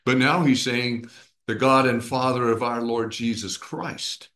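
A man's voice: mid-range voice, unhurried, fairly bright tone. A man teaching a small group Bible study, explaining patiently and often checking in with his listeners.

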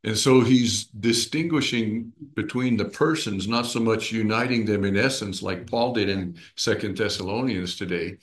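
A man's voice: on the low side, normal speed, few pauses. A man teaching a small group Bible study, explaining patiently and often checking in with his listeners.

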